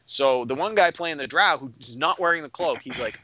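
A man's voice: on the high side, moderate pace, few pauses, a little hiss or hum. A man who runs a tabletop game, casually retelling a session and acting out the players as he goes. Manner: animated, acts out players and characters. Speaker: game master. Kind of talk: casual storytelling recap.

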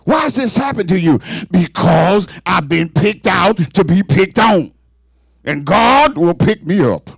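Casting: gravelly-voiced male preacher, high and lively pitch, fervent call-and-response sermon. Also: unhurried, dry recording.

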